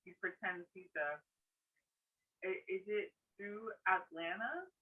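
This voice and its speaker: A woman's voice: medium pitch, slow, breathy edge. A woman co-hosting a podcast, chiming in with short, eager remarks. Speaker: podcast co-host. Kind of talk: casual chat. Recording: tinny phone-like sound.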